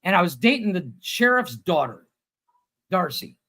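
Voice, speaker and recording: Man, thirties, livestream co-host, casual storytelling, gravelly, lively pitch, acts out quotes. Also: moderate pace, rough recording. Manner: animated storyteller, acts out quotes, swears freely. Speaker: podcast co-host.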